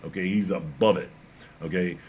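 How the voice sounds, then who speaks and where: A man talks sports in a loud, animated way, pushing his points hard and teasing his co-host. Faint noise runs under the recording. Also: low voice, moderate pace. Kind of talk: casual sports talk.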